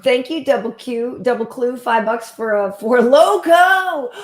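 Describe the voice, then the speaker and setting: A woman's voice: on the high side, a little slow. Laid-back woman host in an echoey room. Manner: laid-back, reads viewer comments aloud. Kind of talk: casual chat.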